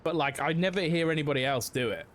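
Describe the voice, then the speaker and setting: A man's voice: fairly high pitch, quick pace, fairly bright tone, slight background noise. Rambling young-adult male streamer. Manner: rambling, filler-heavy, with frequent "like". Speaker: streamer playing a police officer in a roleplay game. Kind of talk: casual streaming chat.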